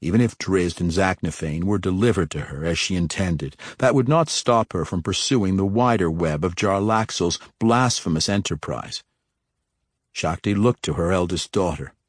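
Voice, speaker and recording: Low-voiced man narrating a fantasy novel. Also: normal speed, breathy edge, dry recording, clean studio sound. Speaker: audiobook narrator.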